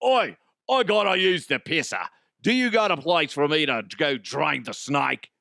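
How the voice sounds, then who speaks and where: A man doing a crude, gruff celebrity. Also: high voice, sing-song, a little slow, pushed and bright, no room sound, studio quality, pitched above the performer's own voice, heavily acted. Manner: blunt, crude, exaggerated. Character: gruff celebrity man in a mock rough accent.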